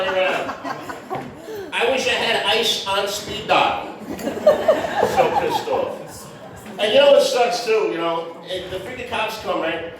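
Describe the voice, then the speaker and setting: A man of Puerto Rican heritage performs stand-up on a comedy club stage, brash and conversational, sprinkling in "man" and "right?" as audience laughter rings out. His voice sits high, and the echoey club recording, heard from far off, has a noisy background.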